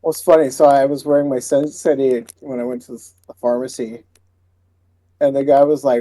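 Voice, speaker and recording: A man co-hosting a podcast, chatting casually and telling relaxed stories with an easy laugh. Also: medium pitch, moderate pace. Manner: relaxed storytelling, laughs easily. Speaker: podcast co-host. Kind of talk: casual chat.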